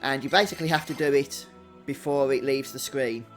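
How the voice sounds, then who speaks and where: A man hosting a video game walkthrough in a relaxed, chatty way, thinking out loud as he plays. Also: mid-range voice, brisk, faint music behind. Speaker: gaming channel host.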